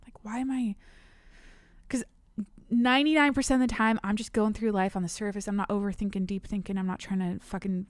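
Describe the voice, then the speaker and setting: A woman's voice: mid-range voice, fairly even intonation, fairly quick, no echo. A young adult woman hosting her own podcast from a home studio, chatting candidly and rambling, swearing freely. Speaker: podcast host. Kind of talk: casual solo podcast chat. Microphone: studio mic, on camera.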